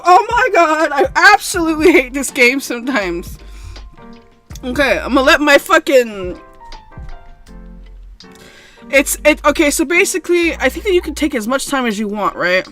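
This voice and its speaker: A young woman streaming a strategy game, cursing a lot and going from loud frustrated outbursts to quiet rambling explanations. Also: high voice, expressive, moderate pace. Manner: swears often, swings from shouting rage to mumbled explaining. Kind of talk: casual gameplay commentary. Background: faint background music.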